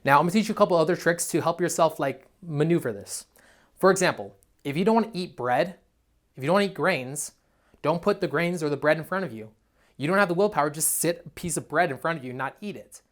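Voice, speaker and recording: A man's voice: on the high side, expressive, quick pace. A young man, a dating coach, giving a blunt, profane, emphatic motivational monologue. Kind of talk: motivational self-help monologue.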